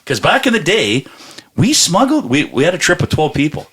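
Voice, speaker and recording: A man's voice: fairly high pitch, very animated, moderate pace, fairly bright tone, slightly rough. A man co-hosting a podcast, telling rambling stories with lots of swearing and laughter. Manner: rambling storyteller, swears, laughs a lot, acts out quotes. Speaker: podcast co-host. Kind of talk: casual chat.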